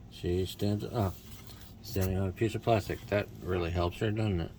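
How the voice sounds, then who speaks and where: A man's voice: low voice, steady tone, moderate pace, mellow, slight background noise. A man doing casual unboxing commentary as a toy reviewer, with wry, self-mocking asides.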